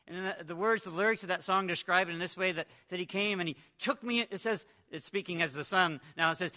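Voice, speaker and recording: A man preaching a sermon, retelling a parable with dramatic swings between loud and hushed delivery. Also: high voice, quick pace, hardly any pauses.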